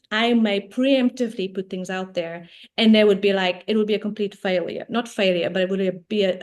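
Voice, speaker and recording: A woman's voice: medium pitch, darkish tone. A woman coach, a guest on an interview show, explaining ideas in a casual, talkative way, often checking in with "right?".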